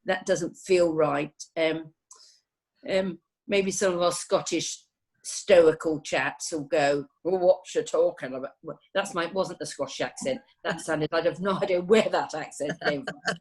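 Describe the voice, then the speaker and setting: A woman's voice: sits low, a little slow, slightly rough. A woman nurse in casual conversation, telling anecdotes in a chatty, rambling way. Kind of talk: casual chat.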